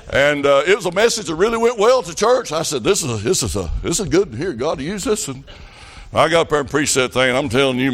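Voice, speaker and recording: A man preaching a revival sermon, telling folksy country stories with fervent emphasis. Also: medium pitch. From rural farm upbringing.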